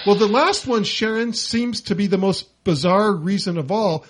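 A man's voice: high-pitched, normal speed. A man hosting a radio talk show, joking through a comedy list with a playful, laughing manner.

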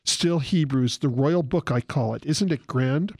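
A man's voice: mid-range voice, measured pace, darkish tone, no echo. A man reading aloud the words of a frail, devout elderly man in his sickbed, in an earnest tone. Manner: earnest, read aloud from a written account.

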